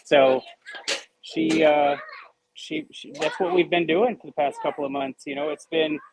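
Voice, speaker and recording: A man talking on a video call, halting and repeating his words. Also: fairly high pitch, vocal fry, noisy background. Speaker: caller, the host's son. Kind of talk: casual video call chat.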